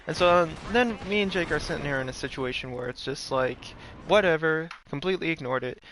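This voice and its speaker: A man with a somewhat high voice tells a long story in a loose, rambling way, swearing often and leaning on fillers. A faint hiss sits under his voice. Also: fairly quick, a bit bright. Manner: rambling, profane, filler-heavy. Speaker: streamer. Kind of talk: casual storytelling.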